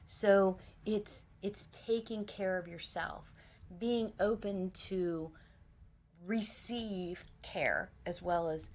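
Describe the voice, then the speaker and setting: A middle-aged woman hosting a casual spiritual talk, animated, acting out little quoted dialogues. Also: fairly low pitch. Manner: animated, quotes herself and her husband in dialogue. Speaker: spiritual host.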